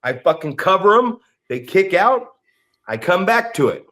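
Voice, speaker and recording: A man co-hosting a podcast in casual chat, his voice sitting a touch high. He tells profane, animated stories, acting out what other people said. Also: a little slow. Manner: profane, animated storytelling with acted-out quotes. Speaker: podcast co-host.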